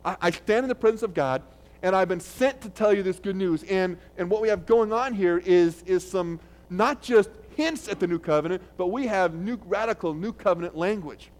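A male pastor delivers a sermon in an easy, conversational way. His voice sits a little high for a man. He restarts phrases often and gets louder when he quotes a text. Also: normal speed. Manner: conversational preaching with restarts, loud when quoting.

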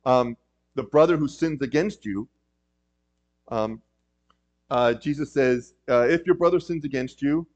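A man's voice: mid-range voice, unhurried, long pauses, a little mellow. A man preaching a sermon in a conversational way, with frequent ums and emphatic rises. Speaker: pastor. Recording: dull lo-fi recording.

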